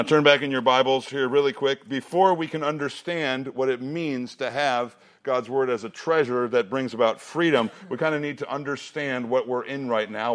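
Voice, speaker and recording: A middle-aged man preaching to a student youth group. He says the memory lines slowly with emphasis and drops in joking asides. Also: medium pitch. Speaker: student ministry pastor.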